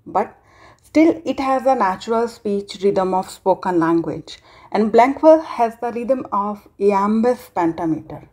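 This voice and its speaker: A woman from India with an Indian English accent, lecturing students slowly and deliberately on literary terms. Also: medium pitch, a little mellow. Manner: slow, deliberate explanation with emphasized words.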